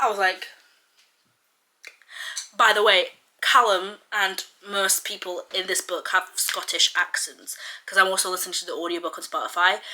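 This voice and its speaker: A woman's voice: fairly low pitch, pushed and bright. A young woman chatting casually in a reading vlog, gushing, with lots of filler words. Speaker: book vlogger.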